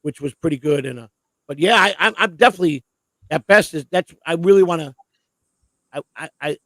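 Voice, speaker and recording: A man's voice: a little high, fairly quick, fairly bright tone, no room sound, poor audio. A man co-hosting a casual talk stream, telling long stories in a rambling, profane way and stumbling over repeated words as he starts sentences. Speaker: co-host.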